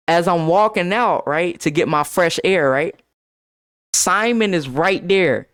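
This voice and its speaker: A young man streaming, telling a wild high school story to his chat, laughing and swearing as he goes. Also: slow pace, fairly bright tone, clean tone. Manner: swearing, laughing, big dramatic voice swings. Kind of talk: animated storytelling to a live chat.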